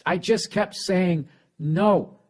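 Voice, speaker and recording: A man in his forties hosting a podcast, telling profane, animated stories in casual chat. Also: high voice, drawn-out words. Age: 40s. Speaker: podcast host.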